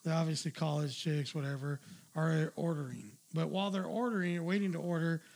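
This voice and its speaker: High, gravelly man telling a rambling story. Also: steady tone, brisk, a little mellow. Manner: rambling, profane, laughs at his own story. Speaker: storyteller on a talk show. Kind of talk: casual chat, telling an anecdote.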